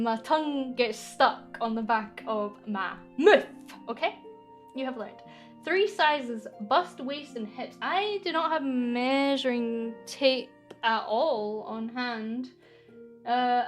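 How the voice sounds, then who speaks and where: A young Scottish woman streaming a casual, teasing Q&A with her chat, playful and quick to giggle. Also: fairly high pitch, faint music behind. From Scotland. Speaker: VTuber streamer.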